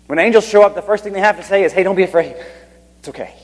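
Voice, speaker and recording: Husky-voiced man preaching in a reverberant hall. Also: high voice, racing. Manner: reads scripture with swelling emphasis, drops to near whisper for awe. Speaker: pastor. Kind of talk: sermon.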